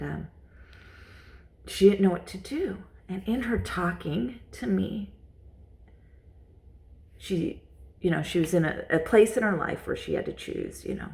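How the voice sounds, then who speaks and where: Slow, gravelly-voiced woman vlogger. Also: on the low side. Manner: rambling, repeats herself, many fillers. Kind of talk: casual storytelling to camera.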